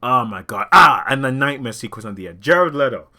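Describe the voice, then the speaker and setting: A young man rambling excitedly about a movie in an unscripted rant, swearing a lot, his throat sore from talking. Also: mid-range voice, a little fast. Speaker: movie vlogger.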